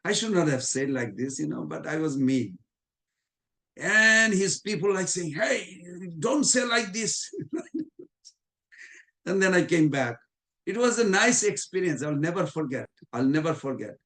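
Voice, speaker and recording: A man's voice: a little high, fairly bright tone. A man giving a devotional class, telling anecdotes in informal, non-native English and chuckling often. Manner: storytelling with frequent chuckles.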